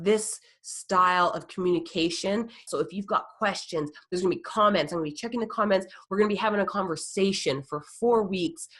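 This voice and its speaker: A woman life coach hosting a live webinar, gushing and excitable, full of fillers and "like". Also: lowish voice.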